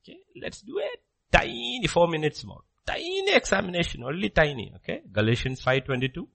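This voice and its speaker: A man preaching a sermon, jumping from loud exclamations to hushed low asides, acting out questions and answers and checking in with "okay?". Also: very animated, gravelly, slightly rough. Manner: acts out dialogue with rapid questions and answers; repeats phrases, frequent "okay?" checks.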